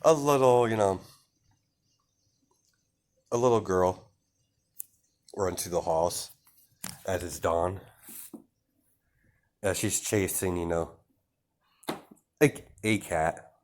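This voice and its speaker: A man's voice: low voice, takes it slowly, pauses often, a little mellow. A young man improvising a fan-fiction story, rambling with many fillers and self-corrections.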